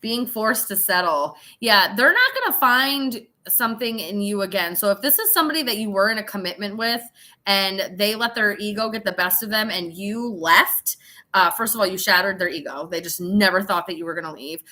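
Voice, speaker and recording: A woman's voice: medium pitch, expressive, normal speed, bright, forceful tone. A tipsy woman giving a casual live tarot reading, chatty and laughing, with swearing and dramatic asides. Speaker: tarot reader.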